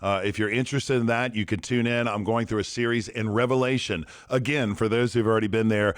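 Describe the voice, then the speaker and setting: Emphatic low-voiced male pastor. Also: steady tone, fairly quick. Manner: emphatic preacher, repeating key phrases. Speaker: pastor and podcast co-host. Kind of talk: podcast sermon-style teaching.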